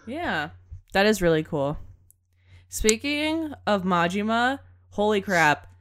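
A woman in casual chat about a video game, thoughtful and measured, getting high and giggly when amused. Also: animated, slight background noise. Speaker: co-host discussing a video game.

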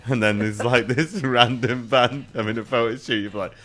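A man's voice: mid-range voice, fairly even intonation, moderate pace, fairly bright tone, faint music behind. A man who is a musician and a guest on a podcast, chatting casually in a joking, playful way. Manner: joking, playful, laughs often. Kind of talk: casual chat.

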